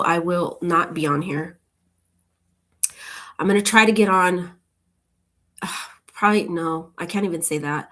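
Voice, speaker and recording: A woman chatting casually with her viewers, rambling from one thought to the next in a relaxed, upbeat way. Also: on the low side. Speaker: channel host.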